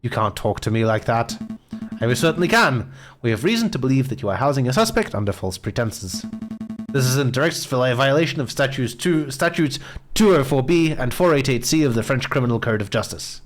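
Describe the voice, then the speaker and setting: A man's voice: mid-range voice, animated, a little fast, over music, lightly acted. A man reading a game aloud and voicing a stern, blunt male bird defense lawyer with a curt, commanding delivery.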